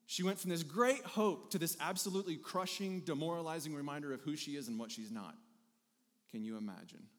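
A pastor delivering a conversational sermon, animated and repeating phrases for emphasis. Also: male voice, fairly high pitch, fast talker, few pauses. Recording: hall reverb.

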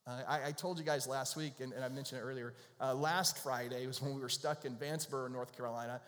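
A pastor preaching a sermon, telling stories in a conversational way. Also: male voice, mid-range voice, fairly even intonation, fast talker, a bit bright. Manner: conversational storyteller. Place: church sanctuary. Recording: long reverb of a large hall.

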